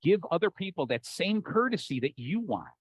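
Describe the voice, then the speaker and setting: A man with an American accent giving an animated, jokey conference talk, acting out the voices in his head. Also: sits high, moderate pace, husky, low-quality recording. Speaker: keynote speaker. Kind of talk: conference talk to a live audience.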